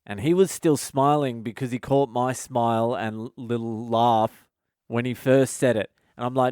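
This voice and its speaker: A male comedian hosting his podcast, telling a funny story in a casual, animated way and swearing constantly. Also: medium pitch, moderate pace, clear, resonant tone, no room sound, clean studio sound. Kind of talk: casual comic storytelling monologue.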